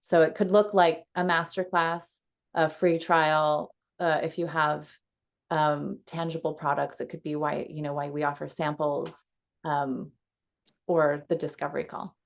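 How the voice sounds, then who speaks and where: A woman coach leading a casual teaching call from home over a video call, chatty and quick to laugh, with frequent fillers. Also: sits low, little pitch movement, creaky.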